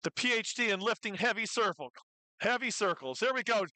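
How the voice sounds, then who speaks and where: A meet commentator calling live weightlifting attempts, who cheers lifters on excitedly and drops jokey asides between lifts. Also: medium pitch, fairly quick, dry recording, poor audio.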